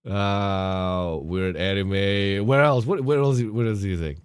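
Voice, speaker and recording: A man hosting a podcast, ranting casually with profane, animated outbursts. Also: fairly low pitch, takes it slowly, clear, resonant tone, no room sound, studio quality. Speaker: podcast host.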